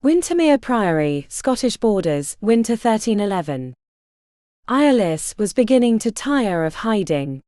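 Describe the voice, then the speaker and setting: A woman narrating a medieval romance audiobook in an expressive, dramatic storytelling manner. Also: mid-range voice, measured pace, no echo, studio quality. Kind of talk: scripted narration.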